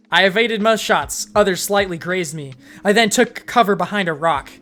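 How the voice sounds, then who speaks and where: A woman's voice: mid-range voice, moderate pace, few pauses, fairly bright tone, soft background music. A woman casually reading fan fiction aloud on a live stream, breaking off for profane offhand asides.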